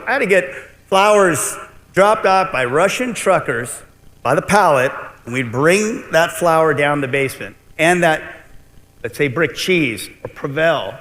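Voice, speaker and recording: A middle-aged man giving a conference keynote, telling stories with animated delivery and joking with the crowd. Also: a little high, a little slow. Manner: storytelling, animated, jokes with the crowd. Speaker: keynote speaker. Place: large convention hall. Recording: long reverb of a big hall.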